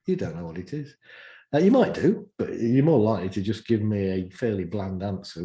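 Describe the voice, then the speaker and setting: A man, a guest practitioner, telling lively stories in casual chat and acting out the dialogue. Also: fairly low pitch, brisk, echoey room. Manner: animated, acts out dialogue in stories.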